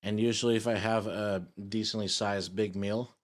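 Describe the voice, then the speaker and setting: A man's voice: on the low side, fairly even intonation, moderate pace. A young man streaming as a VTuber, chatting casually with his viewers in a rambling, jokey way while drowsy after a meal, into a streaming microphone. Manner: rambling and jokey, addressing chat. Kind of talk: casual live-stream chat.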